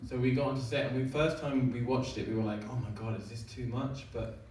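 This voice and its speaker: A man speaking as a screenwriter and actor at a festival Q&A, telling lively anecdotes in a self-deprecating, apologetic way. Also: medium pitch, fast talker. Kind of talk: festival Q&A panel answers. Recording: echoey hall, distant mic, clear noise.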